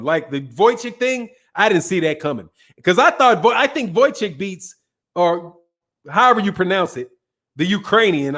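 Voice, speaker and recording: A man's voice: high-pitched, a bit bright. A man hosting a casual live stream, reading viewer comments and answering in a brash, profane, emphatic way, often repeating himself. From Chicago. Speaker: boxing talk show host answering viewer chat.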